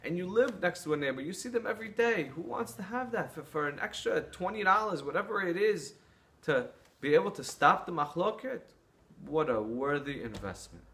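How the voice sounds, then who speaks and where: A man's voice: sits high, expressive, moderate pace, fairly bright tone. A man preaching an earnest sermon, telling stories and drawing lessons from them. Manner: earnest, storytelling, with some restarts.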